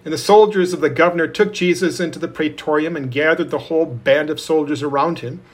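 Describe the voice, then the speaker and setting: A man reading scripture aloud in a steady, measured way. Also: fairly high pitch, slightly rough. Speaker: scripture reader.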